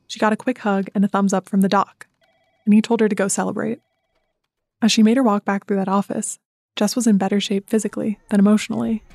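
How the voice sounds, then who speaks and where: A woman narrating a scripted sports documentary with an even, measured delivery. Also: mid-range voice, vocal fry, no echo. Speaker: narrator and interviewer.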